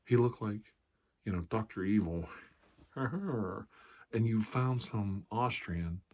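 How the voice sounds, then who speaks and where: A man's voice: fairly low pitch, expressive, takes it slowly, a little mellow, a little hiss or hum. A middle-aged man hosting an ASMR channel, rambling casually in a blunt, profane, sarcastic way.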